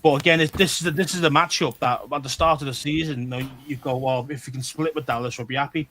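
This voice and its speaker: A Scouse man co-hosting a sports podcast, his voice pitched a touch high as he rattles along at a brisk clip. He talks bluntly and emphatically, swearing freely and tripping over his own restarts. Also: fairly even intonation, pushed and bright, a little hiss or hum. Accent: Liverpool (Scouse). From Liverpool area, England. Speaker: podcast co-host. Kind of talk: casual sports chat.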